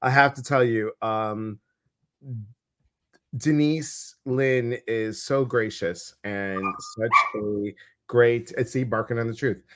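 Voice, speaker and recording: A man's voice: medium pitch, fairly even intonation, takes it slowly, heavy background noise. A man with a Chicago accent hosting a casual live stream as a psychic medium, playful and rambling with many fillers.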